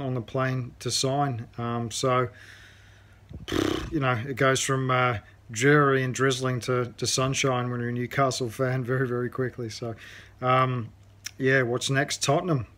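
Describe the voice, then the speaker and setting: A man's voice: medium pitch, a bit bright. A man from Australia giving a rambling fan reaction to a football match, with many fillers. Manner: rambling, full of fillers and restarts. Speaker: fan contributor. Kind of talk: casual recorded fan reaction.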